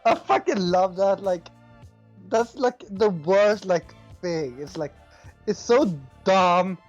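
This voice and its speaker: Casual podcast co-host, lively pitch, halting delivery, dull audio with faint music. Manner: loose, halting, trailing off. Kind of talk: casual chat.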